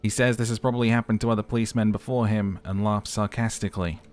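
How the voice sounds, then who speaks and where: Man narrating a game in a low voice. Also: fast talker, faint music behind. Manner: steady storybook reading. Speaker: gamer and narrator.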